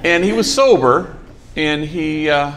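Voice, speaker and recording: Here the same kind of talk comes in a slightly high male voice at a measured pace, over crowd and background noise. A priest heading a program for ex-gang members addresses trainees inside the program's building. His inspirational story mixes folksy dry humor with scraps of Spanish slang.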